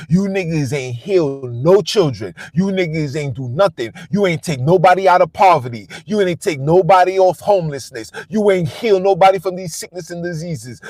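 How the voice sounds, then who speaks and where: Guy ranting on his live stream, high voice, blunt and profane, super dry sound. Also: darkish tone, no room sound. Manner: blunt, defiant, profane, repetitive.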